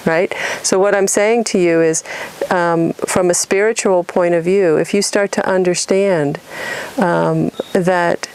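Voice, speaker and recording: A woman's voice: on the low side, steady tone, measured pace, darkish tone, a little hiss or hum. A middle-aged woman from California giving an earnest spiritual talk, acting out inner voices and asking rhetorical questions. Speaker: spiritual teacher.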